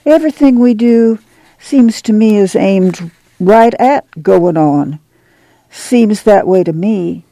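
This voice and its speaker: A woman voicing a weathered, calm and wise farm mother with a soothing drawl. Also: mid-range voice, slow pace, dry recording, pitched above the performer's own voice, low-quality recording.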